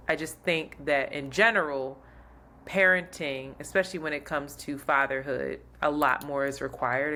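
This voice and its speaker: A woman's voice: sits low, fairly bright tone. A woman co-hosting a podcast, giving her opinion in casual chat, candid and reflective. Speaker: podcast co-host.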